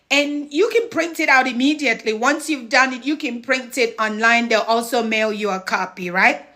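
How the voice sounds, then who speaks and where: A middle-aged woman hosts a live-stream advice chat with a bright, forward voice. She talks in a chatty, encouraging way and keeps thanking her viewers. Her voice sits a touch high. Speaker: home care business mentor.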